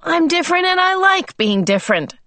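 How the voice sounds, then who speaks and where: Loud, insistent teen boy, storybook side character, read by a woman, dry sound. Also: medium pitch, lively intonation, moderate pace, no room sound, voice pushed up.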